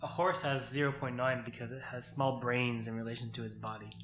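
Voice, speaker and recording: A man co-hosting a casual chat over a card game, explaining things at length with nerdy excitement. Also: mid-range voice, brisk, reverberant, background noise. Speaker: podcast co-host.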